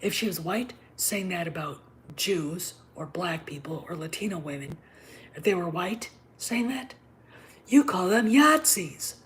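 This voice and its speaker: Fired-up middle-aged woman ranting on her channel, lowish voice, goes quiet and whispery to make a point. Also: expressive, a little slow. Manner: heated, emphatic, drops to whispers for emphasis. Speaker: channel host. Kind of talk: ranting opinion monologue.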